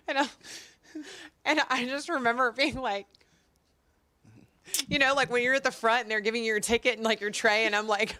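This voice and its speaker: A woman in her thirties co-hosting a casual talk show, telling stories with lively acted-out quotes. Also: a little high, normal speed, long pauses. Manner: animated storyteller, acts out quotes. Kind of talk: casual chat.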